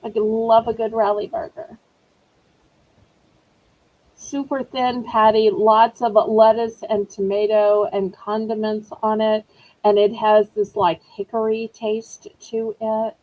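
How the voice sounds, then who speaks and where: Lady running a live online auction, bit high voice, rambly and chatty. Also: flat delivery, slow pace, a little mellow, poor audio. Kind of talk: live-stream selling chat.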